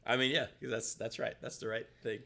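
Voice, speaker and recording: A man co-hosting a live stream in laid-back, rambling chat that often trails off quietly. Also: medium pitch, level tone, a little fast, vocal fry. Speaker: co-host of a guitar shop live stream. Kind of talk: casual chat.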